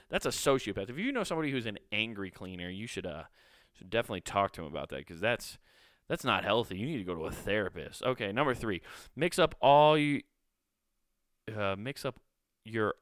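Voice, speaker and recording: A man's voice: lowish voice, a bit bright, smooth, dry recording, studio quality. A man hosting a solo podcast, chatting casually with lots of swearing and filler words. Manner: rambling, profane, lots of fillers. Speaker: podcast host.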